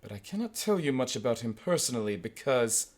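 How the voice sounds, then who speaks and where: A man voicing an older male professor who tells his story with a dry, wry wit, in a measured delivery with sudden bursts of pitch. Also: sing-song. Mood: droll. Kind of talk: audiobook character voice.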